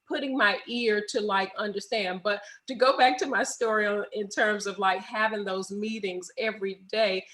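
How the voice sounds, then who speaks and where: A woman's voice: medium pitch, moderate pace, few pauses, poor audio. A middle-aged woman, a guest telling stories with a laugh in a casual interview over a video call. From United States. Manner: animated storyteller, laughs often.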